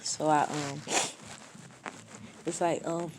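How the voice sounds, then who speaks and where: Woman, 20s, deep low voice, blunt, slangy, casual vlog storytelling. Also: fairly even intonation, a little slow, noisy background. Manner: blunt, slangy and matter-of-fact, little emotion shown. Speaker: storyteller vlogger. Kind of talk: casual story time monologue.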